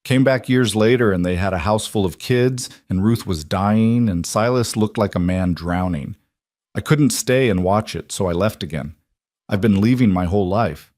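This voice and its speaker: A man's voice: lowish voice, normal speed, darkish tone, dry recording, clean studio sound, close to an everyday voice. A man voicing a weary frontier man who has run from his past all his life, in short, plain-spoken sentences. He sounds like a storybook reading.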